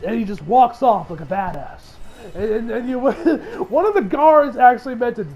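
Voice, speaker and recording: A man's voice: very high voice, expressive, moderate pace, darkish tone, low-quality recording. A man recapping an anime episode as a reviewer, in a loose, rambling way that swears freely and acts out the lines of the characters.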